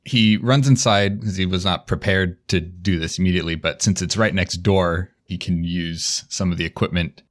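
A man's voice: low-pitched, steady tone, normal speed, few pauses, no echo, studio quality. A man playing a tabletop role-playing game, eagerly explaining his character's moves. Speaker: player.

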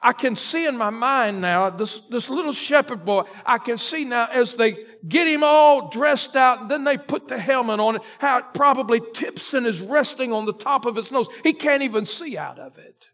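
A male pastor preaching a sermon, retelling a story dramatically and swinging between loud emphasis and a near hush. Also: very high voice, normal speed, few pauses.

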